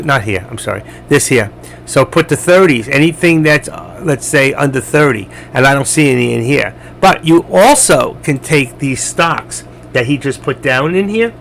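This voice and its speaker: Gravelly man rambling through live trades. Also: medium pitch, fairly bright tone, slight background noise. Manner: chatty, rambling, addresses chat viewers directly. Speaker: trading live stream host. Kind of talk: casual live trading commentary.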